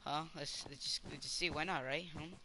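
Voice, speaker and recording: A man's voice: a little high, brisk, very noisy. A man giving casual gameplay commentary, rambling to himself and cheering his teammate on. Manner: excitable, rambling self-talk with cheering. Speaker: gamer.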